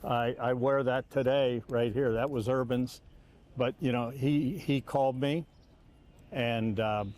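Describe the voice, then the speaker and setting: A longtime sportscaster, now an older man, looks back on his career in a reflective interview, speaking a little slowly in an easygoing, mid-pitched voice. His delivery is animated and comes in loose bursts, with repeated words and restarts, and when quoting others he jumps up in pitch to act the lines out.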